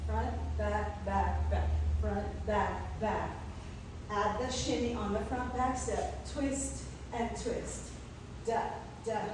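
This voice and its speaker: A woman's voice: on the high side, distant mic, background noise. A woman dance instructor counting and cueing steps in rhythm as she leads a class. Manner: rhythmic, calling out steps in time. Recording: echoey room, mic from afar.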